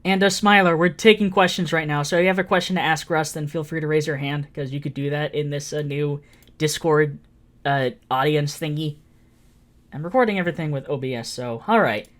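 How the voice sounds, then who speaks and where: A woman's voice: sits low, brisk. A woman hosting a casual interview podcast, loose and joking as she talks to a live audience. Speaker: podcast host. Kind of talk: casual chat.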